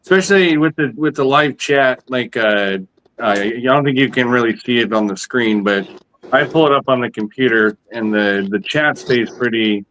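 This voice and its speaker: A man's voice: mid-range voice, normal speed, a bit bright, rough recording. A man hosting a casual live chat, rambling and repeating himself as he talks shop. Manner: rambling with many repeats and restarts. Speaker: host.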